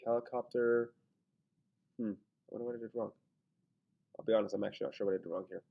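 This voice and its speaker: A man's voice: fairly low pitch, steady tone, fast talker, vocal fry, lo-fi sound. A man teaching a grammar lesson in a casual way, thinking aloud and talking himself through his own mistakes. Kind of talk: screen-recorded grammar lesson.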